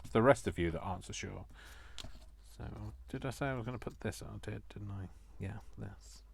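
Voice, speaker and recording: A man's voice: lowish voice, a little fast, vocal fry, slight background noise. A man chatting to viewers while crafting, joking at his own expense. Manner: self-mocking, jokey asides to viewers. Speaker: craft vlogger.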